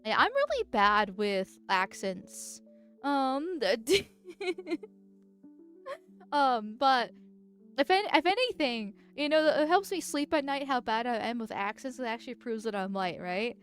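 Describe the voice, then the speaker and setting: In a high, sing-song voice with a fairly bright tone, the streamer talks slowly over faint music. This political vtuber uses a voice changer, chatting casually and reading chat in a rambling, giggly way, often restarting.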